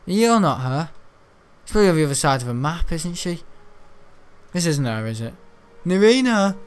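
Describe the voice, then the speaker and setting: A man's voice: a little high, fast talker, smooth. Rambling man muttering through gameplay. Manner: rambling, self-mocking, muttering to himself. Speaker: gaming video creator. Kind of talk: gameplay commentary.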